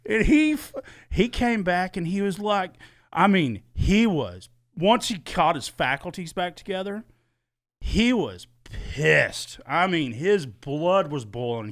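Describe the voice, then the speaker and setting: Middle-aged guy on a podcast, swears a lot, bright voice, pitch all over. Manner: animated, swears freely, laughs. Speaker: podcast host. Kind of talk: casual storytelling.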